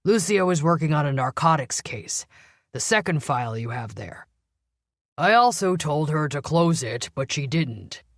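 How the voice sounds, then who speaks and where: A woman narrator voicing a gruff, irritable older male police commander in an audiobook, speaking curtly and defensively. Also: deep voice, expressive, normal speed, no room sound, clean studio sound. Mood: grudging. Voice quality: gruff, growling. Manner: defensive, curt, raises voice. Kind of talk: audiobook character voice.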